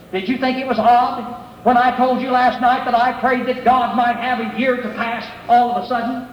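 A middle-aged preacher with a strikingly high voice delivers an earnest, pleading sermon. His words ring through a large, echoing church with a long reverb tail, and a faint room hum sits underneath. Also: fairly even intonation, lo-fi sound. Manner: earnest, pleading, reads scripture aloud with pauses. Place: church sanctuary. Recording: echoey hall, faint room ambience.

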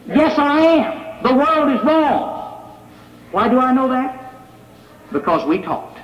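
A man's voice: extremely high pitch, animated, unhurried. A man preaching a sermon in a conversational way, asking his listeners rhetorical questions. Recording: echoey hall, dull lo-fi sound.

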